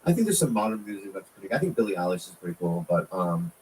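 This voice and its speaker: A man's voice: low voice, quick pace, far from the mic, a little hiss or hum, poor audio. A man in his fifties in casual, joking podcast banter. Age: 50s. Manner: joking, laughing, animated banter.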